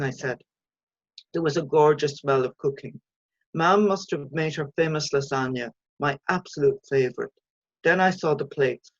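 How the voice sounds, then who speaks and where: A woman's voice: deep voice, no room sound, highs cut off. Woman reading her own story.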